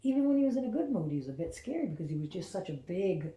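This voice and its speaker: A middle-aged woman hosting a spiritual talk, telling a personal story in an animated way and dropping into hushed whispers for her inner thoughts. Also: lowish voice, rapid-fire, muffled recording. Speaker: host and spiritual channeler. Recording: roomy echo.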